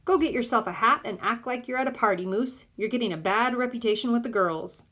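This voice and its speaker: A woman's voice: a little high, brisk, a bit bright. A woman voicing a father who jokes and teases his son, at times in a whisper. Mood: teasing. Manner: teasing, jokey, sometimes whispering. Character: teasing, joking father of a boy.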